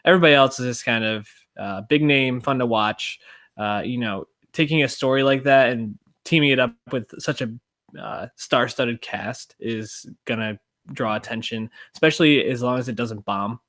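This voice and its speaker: Man co-hosting a relaxed review podcast. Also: mid-range voice, normal speed. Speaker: podcast co-host. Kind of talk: casual review chat.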